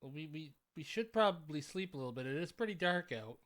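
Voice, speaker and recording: A player in a casual tabletop role-play, talking in a hesitant, gentle way with stammered restarts. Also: mid-range voice, expressive, fast talker.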